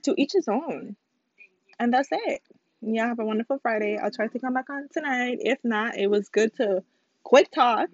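A woman's voice: a little high, moderate pace, no room sound, muffled recording. A young woman chatting casually to her viewers while eating, speaking straight to them on her phone. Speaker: vlogger. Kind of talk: casual chat to camera.

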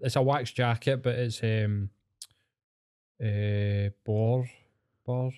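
A man's voice: mid-range voice, steady tone, slow, darkish tone, smooth. A man with a Scottish accent chatting casually and swearing freely, telling long rambling stories. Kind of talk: casual chat.

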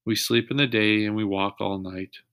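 A man's voice: lowish voice, fairly even intonation, moderate pace, fairly bright tone, clean tone. A man reading a practical, thoughtful girl from a children's storybook. She talks sensibly, as if she is planning what to do next. The voice stays close to the narrator's own.

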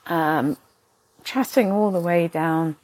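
A woman's voice: fairly low pitch, slow, darkish tone, dry recording. An older woman telling a rambling, chatty story about her own day, often poking fun at herself. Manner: chatty, rambling, self-deprecating. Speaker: vlogger. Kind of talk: casual storytelling.

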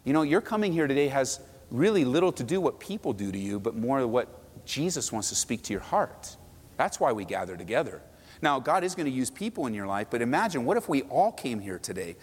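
Lively male pastor in a reverberant hall. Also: mid-range voice, fairly quick. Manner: animated, acts out quoted voices, asks the crowd. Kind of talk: sermon. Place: church sanctuary.

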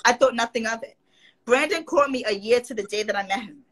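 A woman's voice: fairly high pitch, fast, poor audio. A woman guest in a casual interview, telling stories animatedly and acting out what others said. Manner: animated, quotes others in put-on voices.

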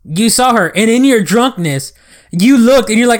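Young man, high voice, dry, teasing co-host energy. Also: expressive, moderate pace. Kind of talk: casual chat.

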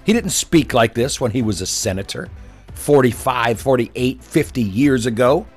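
A man's voice: medium pitch, animated, normal speed, a little mellow, soft background music. A man hosting a political commentary show, talking in a sarcastic, derisive and emphatic way.

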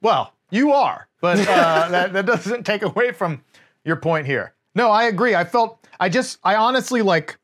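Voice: medium pitch, expressive, a little slow, fairly bright tone. A podcast co-host in casual film review chat, agreeing and adding sarcastic, profane jabs, sometimes losing the thread mid-thought.

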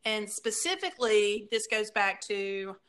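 A woman's voice: mid-range voice, lively intonation, unhurried, fairly bright tone, clear, resonant tone. A woman co-hosting a casual chat, telling stories loosely with lots of "like" fillers. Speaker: podcast co-host.

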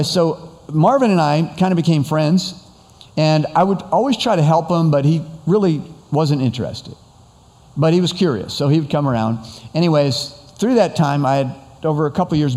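A man's voice: fairly high pitch, long reverb tail. A man telling a rambling personal story, acting out the dialogue as he goes. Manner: rambling, animated retelling with quoted dialogue. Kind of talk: storytelling talk.

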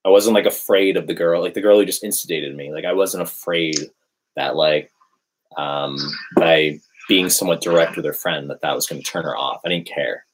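A man's voice: low-pitched, moderate pace, slightly rough. A young man in casual chat, telling a story animatedly, swearing and acting out quotes. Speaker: dating storyteller.

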